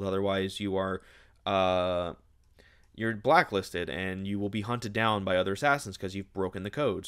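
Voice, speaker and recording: A man's voice: on the low side, a bit bright, clear, resonant tone. A young man giving a casual, sarcastic, exasperated book review, ranting and mocking as he retells the plot.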